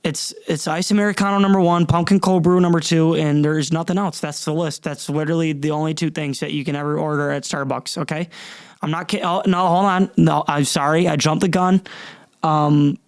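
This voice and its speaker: A man's voice: a little high, fairly even intonation, fairly quick, no echo. A young man hosting a solo comedy podcast, rambling and swearing with stammering restarts. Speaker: podcast host.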